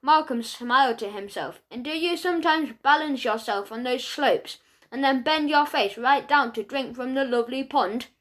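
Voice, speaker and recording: A woman's voice: sits high, moderate pace, a bit bright. A woman narrating a children's audiobook, voicing several animal characters.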